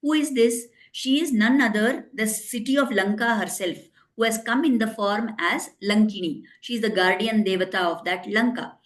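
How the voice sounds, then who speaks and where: A woman's voice: on the high side, normal speed, few pauses. Woman telling a devotional story. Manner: explains and retells in simple English, quoting characters.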